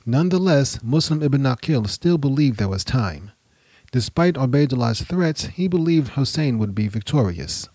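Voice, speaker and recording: A man narrating a history podcast in a measured, dramatic storytelling manner. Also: mid-range voice, animated, warm tone, no echo.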